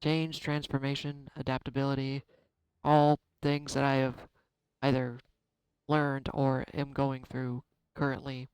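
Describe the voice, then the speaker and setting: A man giving a casual tarot card reading, chatty and self-deprecating, thinking out loud. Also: medium pitch, flat delivery, slow, smooth, dry recording, rough recording. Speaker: tarot reader.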